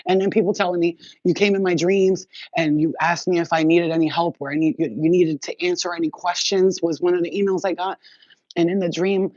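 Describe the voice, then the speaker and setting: A woman's voice: lowish voice, fairly even intonation, brisk, a little mellow, dry recording. Woman, spiritual reader, casual livestream chat, blunt, swearing, rambling, muffled lo-fi sound, dry. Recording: dull lo-fi, dry.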